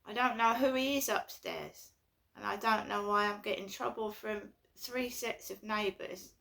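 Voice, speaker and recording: Anxious rambling woman, gravelly and bright. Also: mid-range voice, measured pace. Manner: anxious, rambling, repetitive complaints. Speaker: vlogger. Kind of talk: casual personal vlog.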